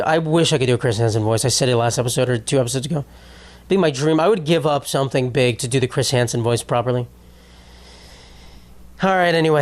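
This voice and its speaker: A young man hosting his own comedy podcast, ranting in a profane, rambling and self-mocking way. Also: medium pitch. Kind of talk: solo comedic podcast rant.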